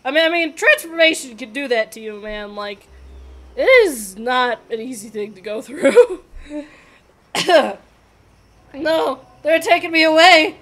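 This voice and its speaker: A woman gamer giving excitable, exclamatory commentary as she plays a video game. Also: a little high, unhurried. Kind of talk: let's play commentary.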